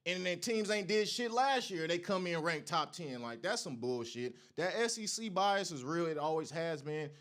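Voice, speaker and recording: A man's voice: a little high, a bit bright. A man hosting a sports show, delivering a heated, profane college football rant that trash-talks rival fans. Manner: Oregon fan taunting rival fans.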